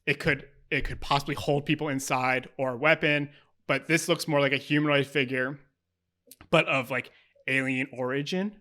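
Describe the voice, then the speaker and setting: A man's voice: medium pitch, fairly even intonation, moderate pace, sharp tone. A man narrating as game master of a tabletop game, describing scenes in an easygoing way and laughing often.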